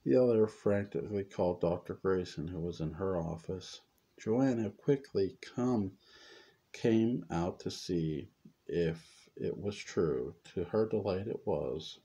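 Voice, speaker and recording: A man narrates a serialized story in a very deep, mellow voice. He reads slowly and evenly, stumbling over a word now and then. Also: husky. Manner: unhurried storytelling with occasional stumbles. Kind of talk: reading fan fiction aloud.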